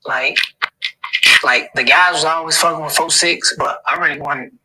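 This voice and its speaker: A man's voice: fairly high pitch, fairly even intonation, normal speed, sharp tone, slightly rough, rough recording. A man being interviewed, talking in a laid-back, rambling way with constant slang fillers. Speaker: interview guest. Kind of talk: casual street interview.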